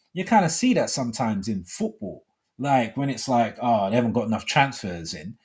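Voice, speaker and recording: A middle-aged man hosts a live call-in show and rambles along, padding his speech with "you know" and other fillers. His voice is husky and somewhat breathy, at an ordinary male pitch. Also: darkish tone.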